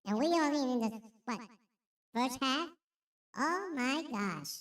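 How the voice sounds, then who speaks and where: A man using a pitch-raising voice changer to sound like a squeaky chipmunk-like cartoon voice, talking playfully. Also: expressive, slow pace, a bit bright, heavily acted. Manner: playful, silly. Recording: distant and roomy.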